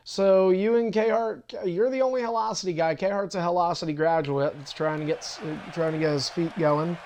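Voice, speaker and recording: A young man with a high voice runs a live gaming stream, talking straight into his mic. He is brusque and foul-mouthed, bossing players around and getting impatient while he sets up matches. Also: moderate pace, darkish tone. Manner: profane, impatient, bossy. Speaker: online wrestling league host. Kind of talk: casual livestream talk while setting up matches.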